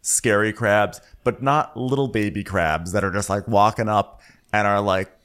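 A man's voice: lowish voice, normal speed, smooth. A man co-hosting a podcast, chatting casually and jokily as he recaps a TV episode. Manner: animated, jokey, acts out quotes in big voices. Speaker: podcast co-host.

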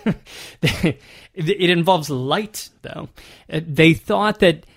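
A man with a somewhat high voice narrates a historical ghost story on a podcast. He talks in a relaxed, conversational way and reads old newspaper passages aloud. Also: slow pace, vocal fry. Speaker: podcast co-host.

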